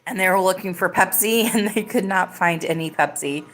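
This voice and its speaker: A woman hosts a live podcast, chatting casually and rambling with plenty of "like"s as fillers. Her mid-range voice is fairly bright and moderately paced, with faint music behind her.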